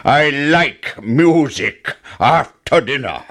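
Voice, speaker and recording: A man voicing a huge wicked male giant in a storybook reading, speaking slowly and loudly with drawn-out threats. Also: lively intonation, exaggerated voice. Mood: commanding. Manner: slow booming threats.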